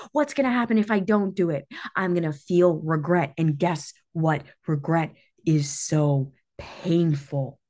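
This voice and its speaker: A woman's voice: medium pitch, darkish tone. A woman hosting a solo motivational talk, intense and emphatic, swearing freely, her voice shaky with emotion. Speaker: podcast host and business coach.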